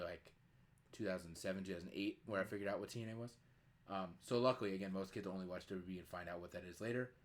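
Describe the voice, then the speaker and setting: A young man in his twenties hosts a casual podcast, telling rambling stories loaded with fillers. His voice sits low with a slightly bright tone.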